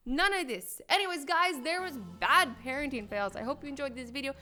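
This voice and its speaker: A woman's voice: high voice, brisk, few pauses, pushed and bright, soft background music. A woman hosting a reaction video, commenting on clips with incredulous, scolding rhetorical questions. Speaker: YouTube reaction host.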